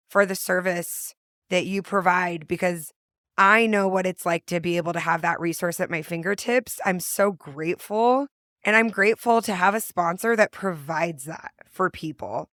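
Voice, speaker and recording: A woman's voice: on the low side, normal speed, a bit bright. Bubbly, effusive woman podcast host. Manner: bubbly and effusive, laughs often. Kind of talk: casual podcast chat.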